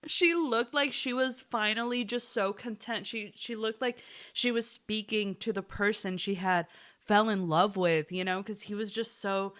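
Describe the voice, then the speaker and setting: A young woman chatting casually about a TV show, animated and swearing often, speaking in quick bursts. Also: mid-range voice. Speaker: TV recap vlogger. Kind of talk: casual chat.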